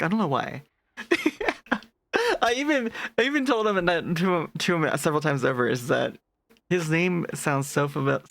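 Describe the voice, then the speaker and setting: A streamer with a deeper, gravelly voice and a touch of fry chats casually with a live audience late at night. The talk is animated, full of quick laughs, and keeps breaking off to read and answer chat messages. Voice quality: deeper natural voice. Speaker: VTuber streamer.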